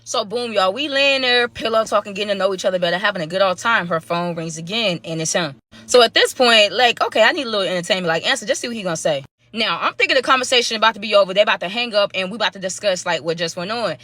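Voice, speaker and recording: Bright-voiced young woman telling a story. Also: medium pitch, fast, no room sound. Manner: slangy, chatty, addresses viewers directly. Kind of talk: casual storytime to camera.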